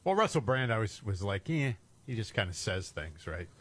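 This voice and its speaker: A man's voice: fairly low pitch, very animated, fairly quick, fairly bright tone. A man co-hosting a casual news talk podcast, mostly chiming in with brief agreements and dry remarks. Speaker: podcast co-host.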